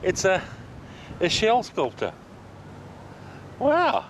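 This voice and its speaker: A man vlogging outdoors while walking, out of breath, excited and chatty, laughing often. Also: sits high, extremely slow, a little hiss or hum. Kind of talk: casual vlog while walking. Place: outdoors in a park.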